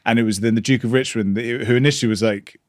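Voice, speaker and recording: A man hosting a podcast, explaining at a measured pace with some stammering restarts. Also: medium pitch, steady tone, a little mellow, dry recording, studio quality. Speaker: podcast host. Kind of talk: interview and read ad.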